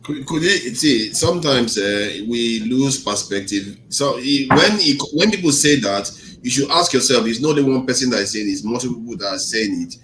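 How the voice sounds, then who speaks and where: A man moderating a group discussion in a measured, hesitant way. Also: medium pitch, expressive, a bit bright. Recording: noisy background hiss.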